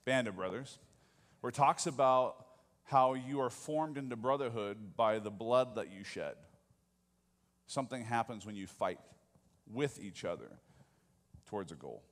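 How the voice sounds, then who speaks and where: A man's voice: mid-range voice, animated, a little slow, long pauses. A man preaching a sermon as pastor, talking conversationally and often asking the congregation questions. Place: church sanctuary. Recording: long hall reverb.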